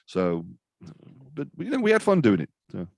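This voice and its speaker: A man's voice: on the high side, huge pitch swings, moderate pace, vocal fry, no echo. A man in his fifties, a death metal vocalist chatting as an interview guest, rambling and self-deprecating with many restarts. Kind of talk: casual interview chat.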